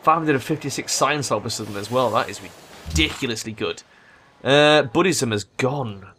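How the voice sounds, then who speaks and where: A young man talks through a strategy game as he plays, thinking out loud. His voice sits at an ordinary middle pitch, and he turns excitable and loose with his language, swearing freely. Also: moderate pace, a little hiss or hum. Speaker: let's play gamer. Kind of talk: gameplay commentary.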